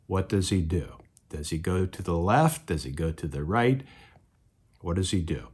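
Low-pitched, expressive, a little mellow and slightly rough, a pastor's voice moves at a moderate pace through a sermon story. He imitates the voices of the figures he describes.

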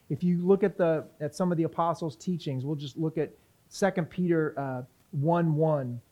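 Male pastor teaching scripture, higher-pitched voice, casual questions to the congregation. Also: moderate pace, mellow. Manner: conversational teaching with questions to the audience; reads scripture aloud. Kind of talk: sermon, Bible teaching.

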